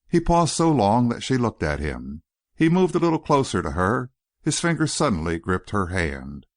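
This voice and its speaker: With a voice on the low side, this male narrator reads a scripted audiobook in a measured, expressive storytelling style. The sound is clean studio audio with no echo.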